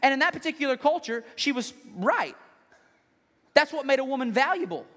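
A male pastor preaching a sermon in an animated, joking way. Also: extremely high pitch, a little fast. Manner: animated, joking, acts out scenes. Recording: long hall reverb.

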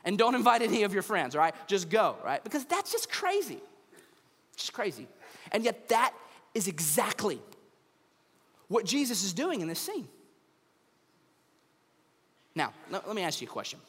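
In a large hall, an American pastor with a high, husky voice delivers a humorous sermon from the church stage at a moderate pace with long pauses. He tells his stories in an animated way and acts out the voices of the characters.

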